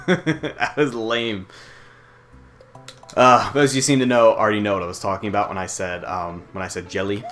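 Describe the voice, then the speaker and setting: A young American man talks loosely while he plays a video game, drifting between the action and offhand jokes, with the odd curse. His voice sits a bit low. Game music plays clearly underneath him. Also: moderate pace, a bit bright. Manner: rambling, profane, joking asides. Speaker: let's play host. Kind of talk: casual gameplay commentary.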